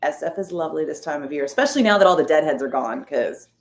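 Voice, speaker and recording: A woman with a deep, low voice talks casually as she reads and answers her viewers' comments. She is wry and sarcastic. The sound is roomy and echoey. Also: animated, quick pace, gravelly. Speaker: streamer reading chat. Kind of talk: casual chat. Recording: roomy echo.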